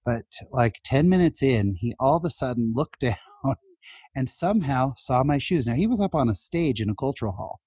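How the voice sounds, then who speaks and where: A man's voice: mid-range voice, animated, moderate pace, darkish tone, husky, no room sound. A man in his fifties, a podcast guest, tells personal stories in a heartfelt, chatty way with laughs and restarts. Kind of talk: personal storytelling in an interview.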